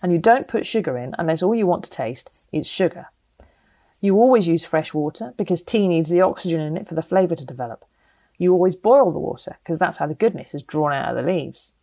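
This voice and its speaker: A woman's voice: on the low side, lively intonation, brisk, mellow. A middle-aged British woman with a British accent reading her opinion column aloud in a wry, sardonic, opinionated way. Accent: British English.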